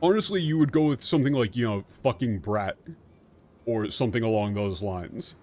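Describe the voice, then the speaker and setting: A male streamer explains a game's lines at length, in a loose and chatty way. He gets animated and swears often, talking into a streaming mic. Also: medium pitch, moderate pace, soft background music. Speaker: streamer translating a game. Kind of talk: casual game commentary.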